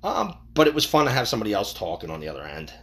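A man with a somewhat low voice talks through a rambling, profane podcast monologue. He swings between loud outbursts and half-mumbled asides. He speaks into a boom-hung mic in a bare room with a touch of echo. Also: sing-song, racing. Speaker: podcast host. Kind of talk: casual monologue. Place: untreated home room. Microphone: boom-hung microphone.

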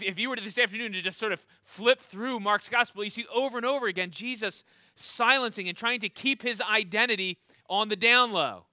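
A man's voice: high-pitched, pushed and bright, dry recording, clean studio sound. A pastor preaching a sermon in an earnest way, often repeating words as he starts a thought and asking his listeners questions. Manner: asks the congregation questions.

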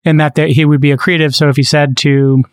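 A man's voice: fairly high pitch, little pitch movement, fast talker, no echo. A man hosting a casual podcast chat, steering the talk with wry asides. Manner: wry, leads the discussion with asides. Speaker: podcast host.

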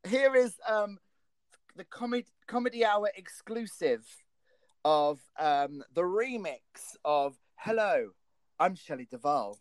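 A woman's voice: mid-range voice, slow pace, no echo. A woman hosting a comedy radio show, chatting playfully and giggling through silly stories. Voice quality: giggly, goofy, animated storyteller.

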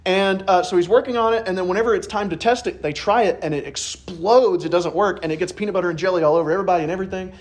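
Guy preaching a sunday sermon, kinda higher voice, chatty storytelling, does the voices of people he quotes. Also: rapid-fire, few pauses.

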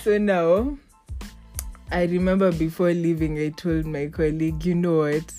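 A young woman chats in a casual, animated way and acts out the people she quotes. Her voice sits slightly low. Faint music plays behind her. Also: measured pace. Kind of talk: casual storytelling chat.

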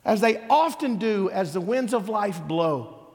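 A man's voice: high voice, expressive, a little slow, darkish tone, in a large hall. A male preacher delivering a sermon emphatically, building his points through repeated refrains.

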